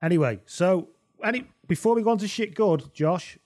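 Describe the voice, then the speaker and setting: A man's voice: high-pitched, animated, moderate pace, darkish tone. A man co-hosting a podcast in casual, joking chat with some swearing. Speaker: podcast co-host.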